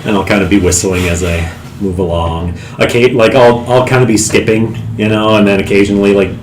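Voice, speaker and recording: Easygoing lower-voiced male player; roomy, slightly hissy recording. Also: fairly even intonation, brisk. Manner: easygoing, playful, drifts into character. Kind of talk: tabletop role-play, casual chat. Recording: echoey room, faint hiss.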